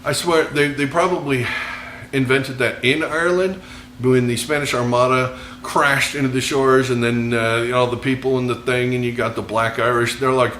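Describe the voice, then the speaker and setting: A man's voice: medium pitch, steady tone, normal speed, fairly bright tone, slight background noise. An American man cooks on camera and chats as he goes, cracking jokes at his own expense. His voice bounces around a roomy kitchen, with the faint clink of cutlery and dishes behind him. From United States. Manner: joking, rambling, self-mocking asides. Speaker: cooking show host. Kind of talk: casual cooking demonstration.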